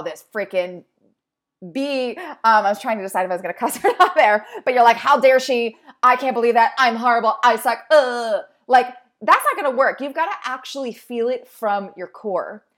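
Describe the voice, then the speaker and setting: A woman's voice: fairly high pitch, fairly bright tone. A young adult woman, a fitness instructor and host, giving an upbeat, encouraging motivational talk in a conversational way. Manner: upbeat, encouraging, conversational with acted-out inner voices. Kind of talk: motivational monologue.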